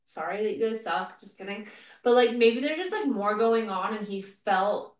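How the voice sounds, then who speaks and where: A woman's voice: mid-range voice, expressive, moderate pace, distant mic. Chatty woman podcaster, roomy and off-mic. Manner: chatty, many "like" fillers, storytelling. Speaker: podcast co-host. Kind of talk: casual chat.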